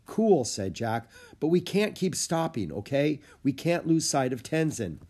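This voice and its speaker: A man's voice: fairly high pitch, very animated, a little slow, a little mellow, voice pushed up. A man voicing a cautious young boy, earnest and urgent.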